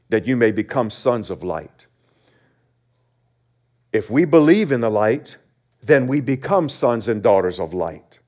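A pastor preaching a Sunday sermon, reading scripture aloud with emphasis and earnest conviction. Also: male voice, lowish voice, a little mellow.

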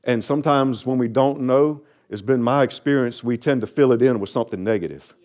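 A man's voice: medium pitch, a little fast, darkish tone. A man, preaching a sermon in an earnest way, often repeating a key phrase and chuckling as he talks. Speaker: pastor.

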